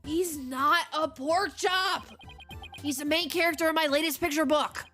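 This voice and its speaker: A woman's voice: sits high, measured pace, sharp tone, faint music behind, pitched above the performer's own voice. Woman doing a wailing lovesick young guy. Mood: boastful. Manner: wailing, overwrought, sobbing. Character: loud lovesick young man, dramatic and whiny.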